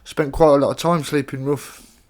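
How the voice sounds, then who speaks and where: A man's voice: mid-range voice, steady tone, normal speed, a little mellow. Male poet, mid-range voice, reads his own verse plainly and conversationally, chatty between poems. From Staffordshire, England. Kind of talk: poetry reading with spoken introductions.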